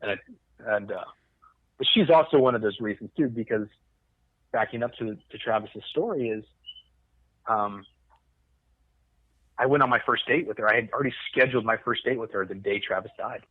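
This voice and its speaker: A Coast Guard veteran telling a rambling, profane story in casual conversation. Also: male voice, fairly low pitch, moderate pace, pauses often, dry recording, phone-quality sound. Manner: rambling, profane, restarts often.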